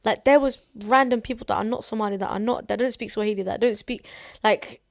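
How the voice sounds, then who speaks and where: A woman's voice: mid-range voice, fast talker, gravelly, dry recording, studio quality. A woman co-hosting a casual podcast chat, talking bluntly and animatedly and swearing freely. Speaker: podcast co-host.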